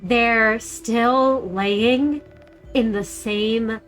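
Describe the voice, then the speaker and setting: A woman narrating as game master of a tabletop role-playing game, describing scenes in a measured way. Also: on the high side, steady tone, fairly bright tone, soft background music.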